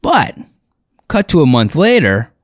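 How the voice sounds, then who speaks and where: A man's voice: a little high, wildly swooping pitch, a little slow, no echo, clean studio sound. A man, a comedian and impressionist, telling a rambling, profane, self-deprecating story in a casual way.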